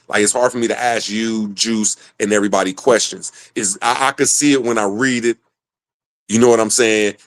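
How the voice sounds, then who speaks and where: A man with a low voice in loose, joking conversation, swearing freely and breaking into laughter. The sound is dry and close, with no room around him. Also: no echo. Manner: laughs often between lines. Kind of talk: casual chat.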